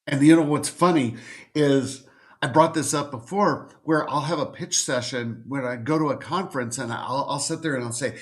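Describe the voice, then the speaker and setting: Middle-aged male agent, direct-to-camera teaching, insistent repeated phrasing, medium pitch. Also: moderate pace. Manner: emphatic, repetitive, speaks straight to the viewer. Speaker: literary agent giving advice. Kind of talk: direct-to-camera educational talk.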